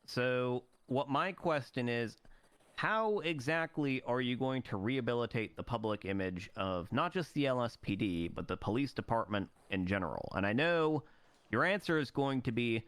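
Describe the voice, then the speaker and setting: A man's voice: mid-range voice, expressive, normal speed, fairly bright tone, clean tone, no echo. A man moderating a debate, pressing candidates with blunt, profane, sarcastic questions.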